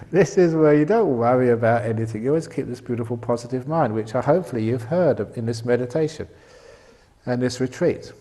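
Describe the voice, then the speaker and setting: A man's voice: medium pitch, a little mellow, long reverb tail. An older man giving a humorous dharma talk at a meditation retreat, joking and laughing often at his own lines. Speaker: meditation teacher.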